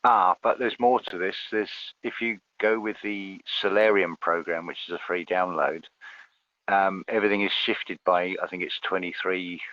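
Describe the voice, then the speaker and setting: A man's voice: low-pitched, expressive, moderate pace, pushed and bright, no echo, lo-fi sound. A man in casual conversation as a guest, hesitant, often repeating words as he starts a thought.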